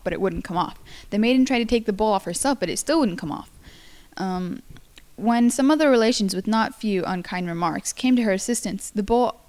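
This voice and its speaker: Young woman, amateur storyteller, halting read with frequent slips. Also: medium pitch. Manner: halting, stumbles and apologizes. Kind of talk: casual read-aloud of a folktale.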